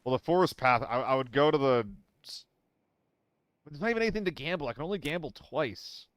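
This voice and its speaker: A man's voice: a little high, expressive, a little fast, no echo. Playful young man streaming a game. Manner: playful, apologetic, laughs often. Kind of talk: casual live-stream chat with viewers.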